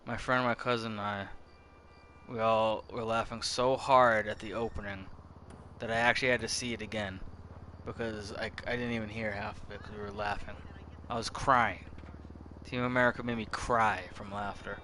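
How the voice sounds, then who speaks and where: A man's voice: on the low side, flat delivery, normal speed, bright, forceful tone, slight background noise. A man in his thirties giving casual gameplay commentary, rambling and swearing freely, often restarting his sentences. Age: 30s. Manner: rambling, profane, self-interrupting. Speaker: gameplay streamer.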